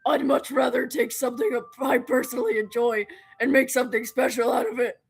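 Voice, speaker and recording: A woman's voice: high voice, level tone, a little fast, creaky, breathy edge, heavily acted. A woman voicing a confident, friendly teenage club president as she reads a visual novel aloud, upbeat, encouraging and talkative.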